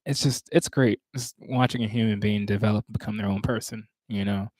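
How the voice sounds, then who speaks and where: A man rehearsing his own spoken word poetry, reciting lines, stopping, and talking to himself about pauses before starting over. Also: steady tone, dry recording. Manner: stops and restarts lines, talks asides to himself; rises louder and higher when reciting.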